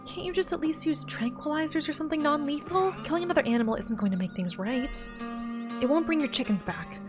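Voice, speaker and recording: A woman's voice: high voice, fast, over music, voice pushed up, close to an everyday voice. A woman voicing an eager young monster-hunting vlogger. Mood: earnest. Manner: bright, earnest, pleading. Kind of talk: voiced-over game dialogue.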